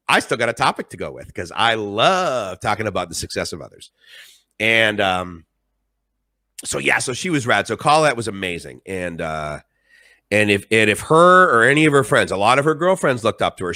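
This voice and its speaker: A man's voice: fairly low pitch, very animated, a little fast, pushed and bright, dry recording. Rambling, emphatic middle-aged man. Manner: rambling, emphatic and emotional storytelling. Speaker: live-stream host. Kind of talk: casual live-stream monologue.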